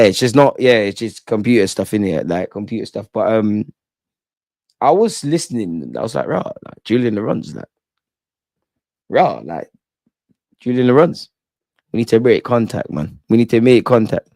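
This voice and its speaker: A young man hosting a casual football live stream, slangy and animated, tagging lines with "man". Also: fairly low pitch, no echo. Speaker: football channel host.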